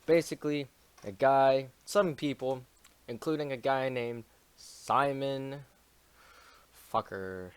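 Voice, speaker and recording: A man's voice: medium pitch, unhurried, clean tone, no room sound. Some guy streaming a history chapter recap, cursing nonstop, joking around, dry room. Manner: constant swearing, jokey, mumbling asides. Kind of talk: casual profane history summary.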